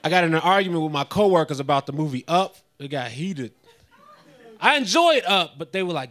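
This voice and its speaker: Deadpan stand-up comedian man. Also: on the high side, quick pace, a faint crowd. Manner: deadpan, building to indignant rants. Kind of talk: stand-up routine. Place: live comedy venue with an audience.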